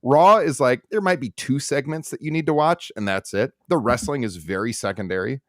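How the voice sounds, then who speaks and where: A man's voice: mid-range voice, animated, brisk, fairly bright tone, no echo. Podcast guy ranting, blunt and sarcastic, voice jumps all over, dry close mic. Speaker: podcast co-host. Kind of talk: casual opinionated podcast chat.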